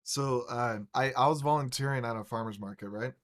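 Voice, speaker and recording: A man's voice: mid-range voice, brisk, fairly bright tone. A man hosting a podcast, telling a long anecdote in a rambling, profane way with frequent restarts. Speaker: podcast host. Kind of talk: casual storytelling chat.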